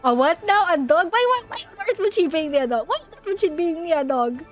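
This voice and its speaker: Young woman streamer, very high voice, giggly and excitable, panics loudly, faint game music underneath. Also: fast. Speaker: VTuber streamer. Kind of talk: casual live-stream chat while gaming.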